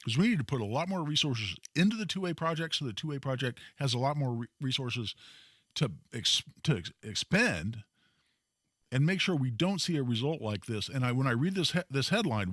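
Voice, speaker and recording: A man hosting a talk radio show, telling a story in an emphatic, animated way. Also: medium pitch, brisk, no room sound, clean studio sound. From Indiana, US. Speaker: radio host.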